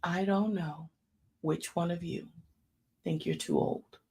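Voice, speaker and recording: Husky animated woman in her fifties preaching. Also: fairly low pitch, slow. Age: 50s. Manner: animated storytelling, addresses listeners as y'all. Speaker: church speaker. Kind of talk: informal sermon.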